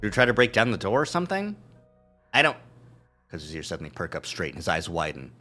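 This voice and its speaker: A man's voice: deep voice, big pitch swings, fast talker, pushed and bright, faint music behind. A male streamer reading a visual novel aloud on a live stream, adding joking asides. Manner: reads narration with asides and chuckles.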